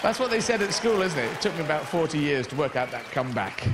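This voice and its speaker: A male stand-up comedian telling rambling, animated stories on stage, swearing freely and slipping into voices. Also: on the high side, quick pace, a crowd in the background, noisy background.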